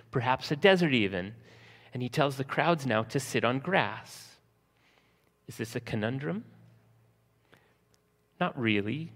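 A man preaching a sermon, slowing for emphasis and acting out scenes from the text in lively voices. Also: mid-range voice, long reverb tail. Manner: lively storytelling, acting out disciples' panic in a raised voice. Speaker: pastor.

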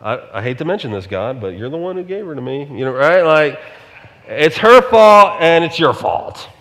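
A man's voice: on the high side, big pitch swings, normal speed, bright, forceful tone, in a large hall, pitched below the performer's own voice. A preacher doing a sheepish excuse-making first man.

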